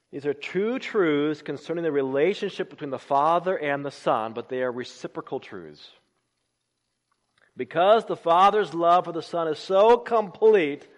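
A man preaching a sermon, swinging between loud emphatic lines and hushed, low phrases. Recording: long reverb of a large hall.

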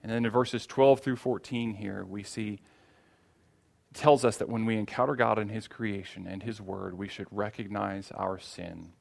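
A man delivers a sermon in an earnest, steady way, circling back to the same phrases for emphasis. His voice sits fairly low and has a gravelly texture. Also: normal speed. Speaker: preacher.

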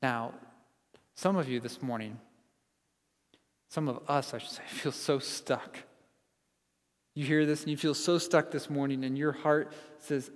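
A man's voice: fairly high pitch, fairly even intonation, a little slow, long pauses. Earnest male pastor preaching in a hall. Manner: earnest, building to emphatic repetition. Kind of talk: sermon.

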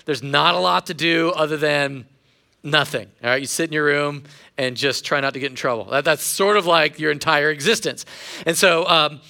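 Guy preaching a sermon, high bright voice with a bit of gravel, jokey and storytelling. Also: fairly even intonation, normal speed. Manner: casual storytelling with self-deprecating humor. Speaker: pastor.

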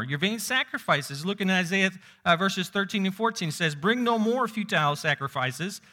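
A man preaching a sermon, moving between loud emphasis and hushed low asides, quoting scripture. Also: animated, a little fast, hardly any pauses. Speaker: pastor.

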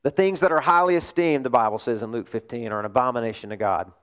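A male pastor preaching a sermon, telling a story in an animated way and asking rhetorical questions. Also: mid-range voice, fast, smooth.

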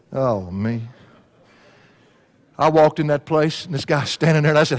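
Folksy preacher in echoing hall. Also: male voice, on the high side, animated, a little fast. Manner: folksy, laughs at his own stories. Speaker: pastor. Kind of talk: sermon with storytelling. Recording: long hall reverb.

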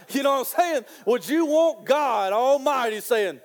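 A man preaching a sermon in an animated, excitable way, repeating phrases and stretching key lines out slowly. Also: very high voice.

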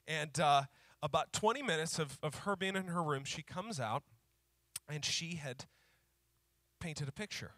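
A male pastor preaching a sermon who slows down to repeat key phrases for emphasis and tells stories in a conversational way. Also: on the high side, expressive, sharp tone, no echo, studio quality. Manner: conversational storytelling with fillers.

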